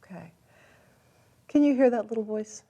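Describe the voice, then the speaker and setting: A woman coaching a client through a tapping session, calm, encouraging and gently directive. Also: on the high side, normal speed, muffled recording.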